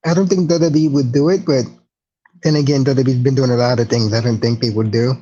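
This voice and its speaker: A man's voice: medium pitch, steady tone, quick pace, warm tone. A man co-hosting a podcast, chatting about wrestling in a laid-back, slangy way with some swearing. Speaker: podcast co-host. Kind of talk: casual wrestling chat. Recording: dull lo-fi recording.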